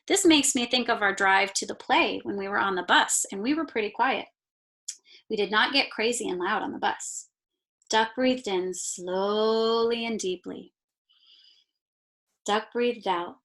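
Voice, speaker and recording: A woman teacher reading a picture book aloud to her class, slow and expressive, stopping to point out the pictures. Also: medium pitch. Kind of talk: read-aloud storytime.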